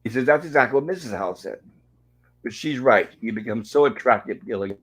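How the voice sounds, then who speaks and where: He's a fast talker with a medium pitch, a bit bright and edged with breathiness. As host of a casual online show, this man narrates an old sitcom episode in a chatty way and reads out the characters' lines. The recording quality is low.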